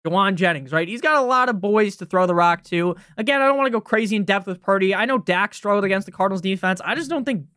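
In a dry, studio-quality recording, a young man's high, expressive voice carries a sharp tone as he hosts his fantasy football podcast. The rant is brash, profane, and rapid, punctuated by repeated "right?"

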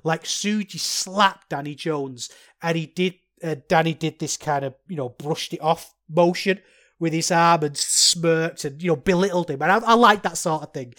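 A man's voice: on the high side, moderate pace, a bit bright. A man hosting a podcast, talking through a wrestling review in a rambling, chatty, self-deprecating way. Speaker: podcast host. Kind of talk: solo podcast commentary.

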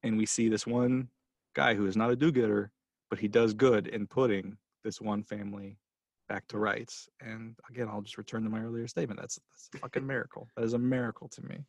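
A man's voice: fairly low pitch, fairly even intonation, brisk, no room sound. A man hosting a casual film podcast, talking passionately and rambling with restarts as he gets emotional. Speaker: podcast host.

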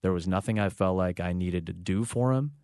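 A man speaking earnestly as an interview guest, halting and restarting as he reflects. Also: deep voice, darkish tone, clean tone, dry recording, clean studio sound.

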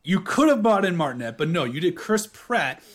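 A man co-hosting a casual podcast chat, joking, swearing and talking with animated energy. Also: high voice, normal speed. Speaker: podcast co-host.

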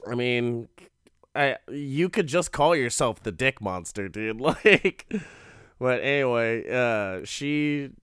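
Casual, profane recapper: a man with a smooth, resonant voice, recorded dry. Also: medium pitch, expressive, takes it slowly, a bit bright, dry recording. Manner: profane, rambling, laughs often. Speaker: show reviewer.

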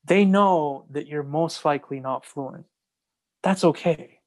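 A man's voice: on the high side, slow pace. Earnest, agreeable man in casual chat. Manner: earnest and agreeable, repeats words while gathering thoughts. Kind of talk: casual conversation.

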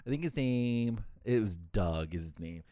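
A man's voice: lively intonation, measured pace, dark tone, no echo, studio quality. A young man co-hosting a casual podcast, telling crude jokes and acting out conversations. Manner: joking, crude, acts out dialogue in higher voices. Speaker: podcast co-host. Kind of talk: casual chat.

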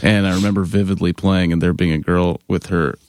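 A man in a band telling animated, laughing tour anecdotes in casual chat, mimicking other people's voices. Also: low voice, fairly quick, dry recording, studio quality. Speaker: band member guest.

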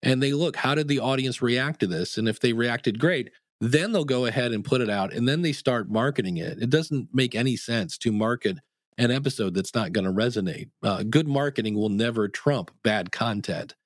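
Man, podcast coach, animated, acts out quotes, dry close sound. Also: mid-range voice, moderate pace, dry recording. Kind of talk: interview answers.

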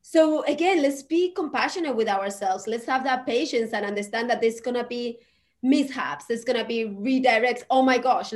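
A woman co-hosting a casual chat, encouraging and emphatic as she turns stories into lessons for the listeners. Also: on the high side. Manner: encouraging, speaks to listeners as "people"; emphatic, motivational. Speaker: podcast co-host.

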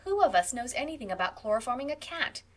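A woman's voice: fairly high pitch, big pitch swings, fast, recorded from a distance, pitched above the performer's own voice. An earnest, imaginative young woman student, voiced by a woman reading a storybook aloud. She speaks expressively, in a voice close to the reader's own. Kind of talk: audiobook character voice.

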